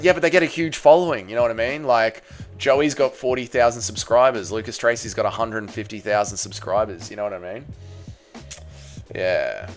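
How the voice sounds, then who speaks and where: A young Australian man on a livestream, chatting with viewers, reading their messages, swearing freely and shouting at a fight as it unfolds. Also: fairly low pitch, moderate pace, faint music behind. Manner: swears freely, reads chat aloud, yells at the fight. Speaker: streamer. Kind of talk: casual livestream chat and fight reaction.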